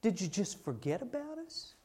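A man's voice: high voice, very animated, moderate pace, slightly rough, voice pushed up, full character voice. A man doing an outraged, pleading prophet. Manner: shouting, incredulous protest. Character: anguished male prophet pleading with God.

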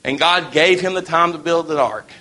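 A man's voice: fairly high pitch, normal speed, sharp tone. A man preaching a sermon in a folksy, storytelling way.

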